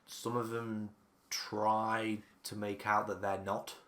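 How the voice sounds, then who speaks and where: Casting: low-pitched man, game master, rambling, hesitant scene descriptions. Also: level tone, takes it slowly, a bit bright. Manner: rambling descriptions full of ums and restarts. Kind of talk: narrating a tabletop game.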